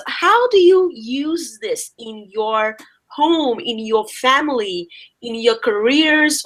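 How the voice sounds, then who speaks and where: A woman's voice: on the high side, fairly bright tone. A woman hosting a live show, introducing her guest and inviting questions from viewers. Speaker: host.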